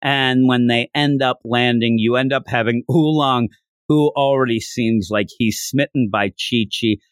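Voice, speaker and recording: A man hosting a podcast, recapping a manga chapter in a jokey, animated way. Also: mid-range voice, measured pace, clear, resonant tone, dry recording, studio quality. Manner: animated, jokey, laughs while retelling. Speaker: podcast host.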